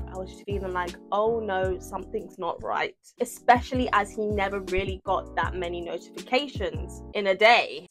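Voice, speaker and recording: A young woman with a British accent tells a story to camera from her room at home. Her voice sits a little high and leaps around with animated, slangy drama. Faint music plays behind her. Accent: British English. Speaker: vlogger. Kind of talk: casual storytime.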